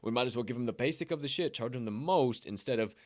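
A young man talking casually on a podcast, mid-pitched and loose, cursing freely and laughing between thoughts. The recording is dry and close, with no room sound. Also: fast talker, no echo. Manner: profane, laughing, rambling. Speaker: podcast co-host. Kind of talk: casual chat.

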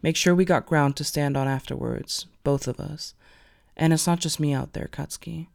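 A man voicing a gentle, devoted young male hero who speaks in a soft, soothing, hushed way. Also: a little high, fairly even intonation, normal speed, creaky. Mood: reassuring.

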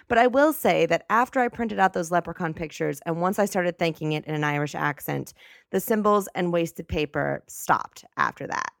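A woman's voice: lowish voice, creaky, a bit bright, no echo. Woman, comedy podcast host, playful rambling storytelling, dry close mic.

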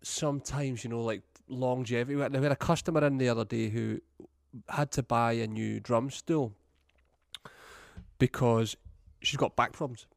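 A man's voice: mid-range voice, steady tone, normal speed, gravelly, dry recording, clean studio sound. A middle-aged man, hosting a podcast in an easygoing way and speaking straight to the listeners. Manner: easygoing, addresses listeners directly. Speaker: podcast host, drummer, music shop worker. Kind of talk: casual chat.

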